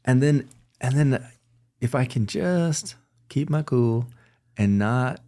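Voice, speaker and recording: A man being interviewed as a guest speaks candidly and reflectively in a medium-pitched, dark, expressive voice, taking his time. He's earnest and often restarts or corrects his sentences with little laughs.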